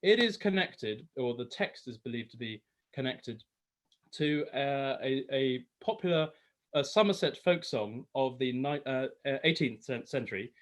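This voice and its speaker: Slow, rambling man introducing a song. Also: mid-range voice, lively intonation. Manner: rambling, full of fillers and self-corrections. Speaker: singer. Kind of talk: casual spoken introduction to a song. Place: home, lockdown online concert.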